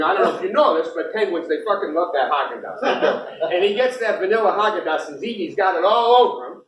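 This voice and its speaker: A man's voice: high voice, a little hiss or hum. A middle-aged man performing live in a small bar, telling stories and crude jokes with a lot of laughter, recorded from a distance in a roomy space. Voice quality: animated, profane, laughing through punchlines. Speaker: singer-songwriter performing live. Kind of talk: live stage storytelling and jokes.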